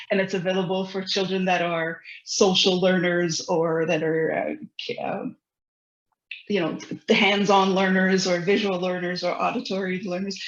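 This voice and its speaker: An interview guest who founded an education program, explaining earnestly with many fillers and restarts. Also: mid-range voice. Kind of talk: conversational interview. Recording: roomy, dull lo-fi sound.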